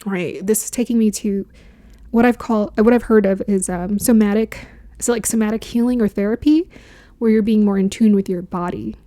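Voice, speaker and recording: A woman astrologer talks through the coming year in a loose, musing way. Her voice is warm and mellow, and she laughs often. Now and then she drops into a whisper to stress a point. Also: medium pitch, fairly even intonation, normal speed. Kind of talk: casual spiritual talk to camera.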